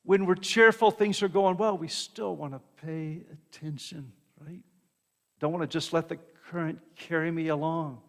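A man delivers a sermon in an easy, conversational style. His voice sits a little high for a man and he keeps asking "right?" of his listeners. The sound carries the long reverb of a large hall. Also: steady tone, normal speed, a bit bright. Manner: conversational preaching, frequent "right?" asides and repeated words. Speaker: pastor.

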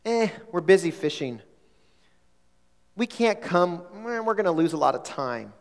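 A man's voice: high voice, very animated, measured pace, heavily acted. A man voicing an indifferent Chinese fisherman within a sermon story, answering curtly with offhand drawled interjections, in a long-echoing hall. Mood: dismissive. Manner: offhand and dismissive, with drawled "eh" and "nah".

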